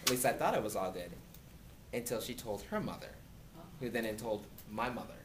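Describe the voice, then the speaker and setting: A man answering student questions in casual talk at a university, animated and acting out quoted dialogue from his own stories. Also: fairly low pitch, fairly quick, noisy background. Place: university lecture room.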